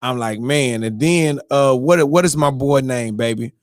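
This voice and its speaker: A man hosting a morning show, telling a story in a lively, excitable way and acting out his own reactions. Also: medium pitch, unhurried, no echo, studio quality. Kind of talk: animated casual storytelling.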